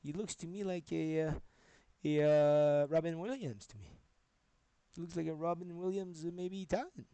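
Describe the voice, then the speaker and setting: A man's voice: on the high side, moderate pace, dark tone, clear, resonant tone, dry recording. A man live-streaming, talking in a rambling way, swearing and jumping between topics as he goes.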